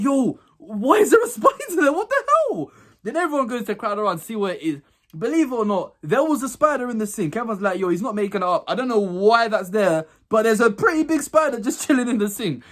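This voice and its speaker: Young guy, vlogger, lively storyteller with a bouncy, up-and-down voice who laughs along. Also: high-pitched. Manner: animated, laughs while telling stories. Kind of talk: casual storytelling to camera.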